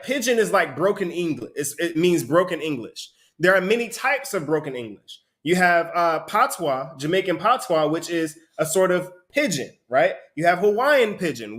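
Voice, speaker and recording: A man teaching a Bible study, explaining the text in an animated way and often asking "right?". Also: sits high. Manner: animated, asks rhetorical questions, repeats "right?". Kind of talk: sermon-style teaching with a reader.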